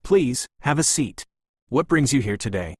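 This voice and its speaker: A gracious, elegant woman, as a man reads her speaks warmly and politely, every line welcoming. The voice sits at a middling pitch and sounds dry and close, as in a storybook audiobook. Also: very animated, unhurried, breathy edge, dry recording.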